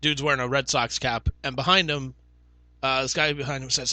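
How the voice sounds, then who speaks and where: Bright, crisp-toned young man chatting. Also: medium pitch, flat delivery, fairly quick, no room sound. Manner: swears freely, chatty storytelling with fillers. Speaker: podcast co-host. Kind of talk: casual chat.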